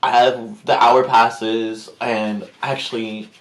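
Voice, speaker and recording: Speaking slowly at a medium pitch, this male YouTuber rambles through a story in a casual vlog, heavy on fillers. He's animated, voicing the people he quotes with put-on accents.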